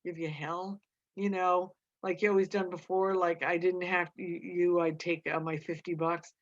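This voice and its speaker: A woman's voice: mid-range voice, fairly even intonation, normal speed, natural voice. Woman putting on a simple big guy, childlike and pleading, lo-fi dull audio. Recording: dull lo-fi recording.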